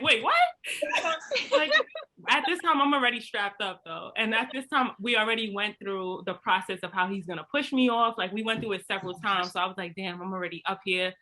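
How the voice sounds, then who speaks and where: A young woman from Brooklyn, telling a story in casual chat, animated and slangy. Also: fairly high pitch. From Brooklyn, USA. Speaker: book club host.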